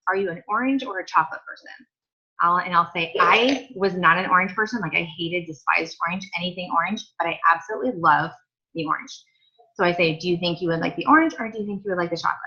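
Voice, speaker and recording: A woman's voice: on the low side, quick pace, sharp tone. A woman leading a sales team training, chatty and upbeat with lots of asides. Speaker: team leader. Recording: dull lo-fi audio.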